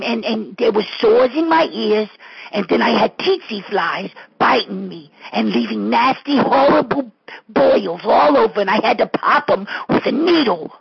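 A man's voice: very high-pitched, lo-fi sound, pitched above the performer's own voice, full character voice. A man voicing a timid, whiny, put-upon guy who stammers nervously and complains at length. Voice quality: raspy, gravelly.

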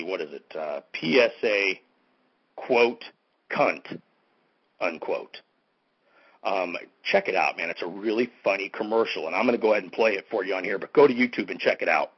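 A man's voice: lowish voice, breathy edge. A man hosting a comedy show, swinging from bombastic proclamations to mumbled asides. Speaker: host. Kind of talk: mock-grandiose comedic monologue. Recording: dull lo-fi recording.

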